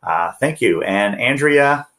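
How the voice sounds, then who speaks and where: A man's voice: medium pitch, lively intonation, takes it slowly, sharp tone, slight background noise, rough recording. A man giving advice in a live online coaching session, hesitant, with many fillers and restarts.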